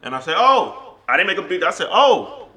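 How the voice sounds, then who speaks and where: A man co-hosting a podcast, telling a story in a lively, excitable way. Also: fairly high pitch, racing. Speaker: podcast co-host. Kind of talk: casual chat.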